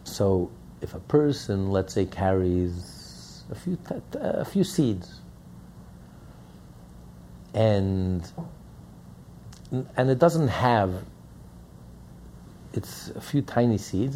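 A man's voice: lowish voice, animated, slow pace, long pauses, darkish tone, slight background noise. A man teaching a Hasidic text in a lecture, repeating points and asking rhetorical questions. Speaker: Torah teacher.

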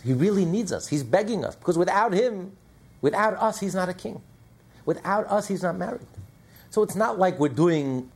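Male rabbi leading a class, fry in the voice, animated teacher who drives each point home. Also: on the high side. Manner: animated, asks and answers his own questions. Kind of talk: Torah class lecture.

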